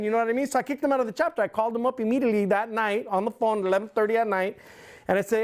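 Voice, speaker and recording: A man's voice: high voice, steady tone, very fast. A middle-aged man, an interview guest telling a heated, profane story in blunt, casual talk. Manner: blunt, heated, swears constantly. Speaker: interview guest, former club president.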